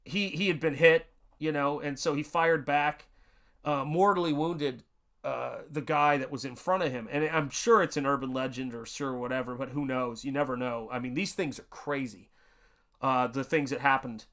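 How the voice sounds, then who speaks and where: A man's voice: medium pitch, fairly even intonation, normal speed, a bit bright. A man from Tennessee chatting casually on a live art stream, rambling through a story and greeting viewers in the chat. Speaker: livestreaming artist.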